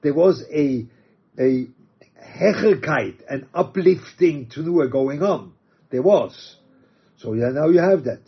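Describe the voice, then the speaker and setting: A man teaching a religious text, reading quotes aloud and explaining them halting restarts. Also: on the high side, husky. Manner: reads Aramaic and Hebrew quotes then explains in English, halting restarts. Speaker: Torah teacher. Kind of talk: text study lecture. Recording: dull lo-fi recording.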